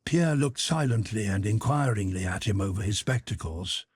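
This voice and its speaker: Husky male audiobook narrator. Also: on the low side, moderate pace, few pauses, dry recording, clean studio sound. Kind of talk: scripted narration of a classic novel.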